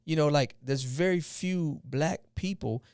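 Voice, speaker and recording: Animated man in his forties telling a story. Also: fairly high pitch, a little slow, dry recording, studio quality. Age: 40s. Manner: animated retelling, acts out dialogue. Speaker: podcast host. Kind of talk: casual storytelling chat.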